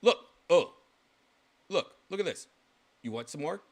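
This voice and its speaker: A man hosting his own show, reacting to clips in casual livestream commentary, excitable and swearing freely with loud exclamations. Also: fairly high pitch, measured pace. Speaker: show host.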